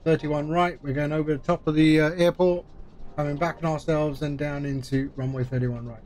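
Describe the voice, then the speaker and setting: A man's voice: a little high, fairly even intonation, a little fast, darkish tone, faint music behind. A man streaming a flight simulator, chatting casually as he talks through each step with friendly asides. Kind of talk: live-stream commentary while playing.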